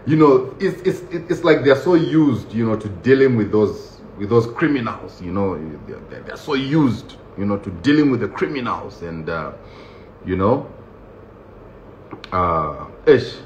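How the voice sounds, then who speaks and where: A man casually telling a story about his own experience, lively and laughing often, acting out the voices of the people in it. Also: lowish voice, measured pace, a little hiss or hum. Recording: roomy, dull lo-fi sound with faint ambience.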